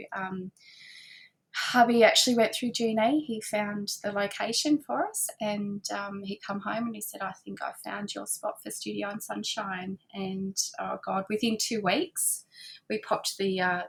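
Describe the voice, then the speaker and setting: A woman's voice: medium pitch, husky. A middle-aged woman chatting as a guest in an interview, talking about her shop with plenty of fillers. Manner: warm, chatty, frequent fillers and laughs. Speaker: guest, boutique owner. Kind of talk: casual conversational interview. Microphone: remote call.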